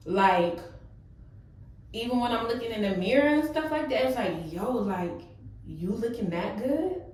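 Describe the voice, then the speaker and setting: A woman's voice: mid-range voice, a little mellow, recorded from a distance. Chatty young woman in an echoey room. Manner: casual, emotional, lots of fillers like "yo, like". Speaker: vlogger. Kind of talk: heart-to-heart vlog talk.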